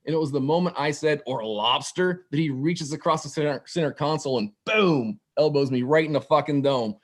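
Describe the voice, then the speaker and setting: A man telling a wild story for laughs, profane and animated, with laughing asides. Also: a little high, a little fast. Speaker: guest storyteller. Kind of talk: comedic storytelling.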